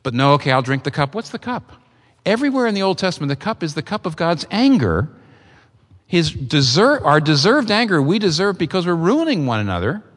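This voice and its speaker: A man delivers an earnest, emphatic sermon, his voice swinging widely and jumping high at moments of stress. Long reverb from a large church hall trails behind each phrase. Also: very animated, brisk, a bit bright. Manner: earnest, emphatic, with sudden rises in pitch. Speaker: preacher.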